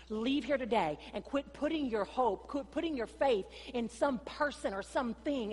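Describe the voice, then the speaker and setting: A woman pastor preaching a sermon, swinging between loud, emphatic passages and quieter storytelling, sometimes acting out voices. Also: a little high, normal speed, hardly any pauses. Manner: preaching with dramatic rises and drops, acting out dialogue. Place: church sanctuary. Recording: long church-hall reverb.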